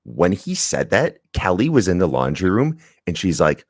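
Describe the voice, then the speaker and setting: Very deep-voiced man arguing back. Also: wildly swooping pitch, normal speed, hardly any pauses, darkish tone, dry recording, studio quality. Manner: defensive, profane, laughing. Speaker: podcast co-host. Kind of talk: casual podcast chat.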